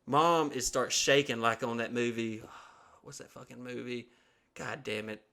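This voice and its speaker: Gravelly and a little slow, a medium-pitched man from Alabama tells a long story on his podcast. He's casual and profane, an animated narrator who acts out what everyone in the tale said.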